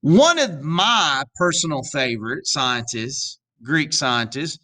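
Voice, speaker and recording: A male teacher giving a recorded video lecture, animated and jokey, with asides to his students and a stretch in an odd put-on accent. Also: fairly high pitch, slow pace, hardly any pauses. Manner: drops into an odd accent for a while.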